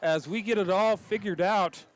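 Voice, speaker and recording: A man calling high school football play-by-play, excitable, with quick play calls, stumbles and laughs. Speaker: play-by-play announcer.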